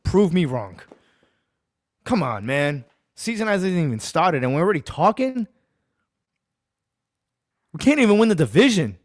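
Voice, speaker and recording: A man's voice: high-pitched, big pitch swings, normal speed, long pauses, no room sound, clean studio sound. A man hosting a casual sports talk show, ranting heatedly and then telling a long story in a laid-back way. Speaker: podcast host.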